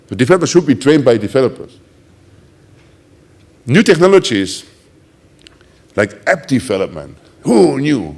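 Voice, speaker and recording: A middle-aged man with a German accent giving a conference talk, telling ironic stories and acting out the quoted voices of others. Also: medium pitch. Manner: animated, ironic storytelling with acted quotes. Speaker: conference speaker.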